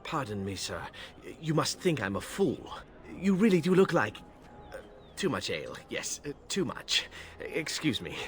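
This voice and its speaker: A man's voice: mid-range voice, very animated, moderate pace, lightly acted. An actor playing a drunk man in a video game who picks a fight, slurring and blustering. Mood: tipsy.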